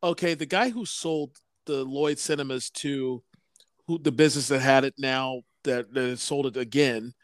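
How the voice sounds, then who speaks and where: A man's voice: mid-range voice, moderate pace, no echo, studio quality. A man in easygoing casual chat.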